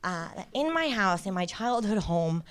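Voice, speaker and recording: A young woman doing stand-up comedy, rambling quickly and self-deprecatingly, often laughing between lines. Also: mid-range voice, big pitch swings, clean tone. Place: comedy stage with live audience. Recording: loud audience laughter and noise.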